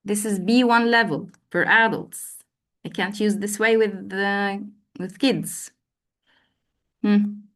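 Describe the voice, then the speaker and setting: A woman's voice: medium pitch, steady tone, slow pace, long pauses, a bit bright. A woman training teachers in an online class, prompting participants and repeating words for emphasis. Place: online video call.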